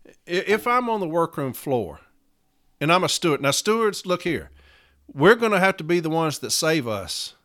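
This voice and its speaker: A man's voice: a little high, sing-song, moderate pace, a bit bright. A man hosting a union podcast, delivering a profane, fired-up rallying rant.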